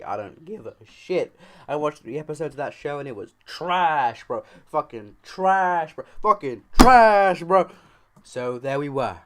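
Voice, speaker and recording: A man casually telling a funny story on his video channel, cursing freely and acting out what people said. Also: mid-range voice. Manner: joking, profane, acts out quoted lines.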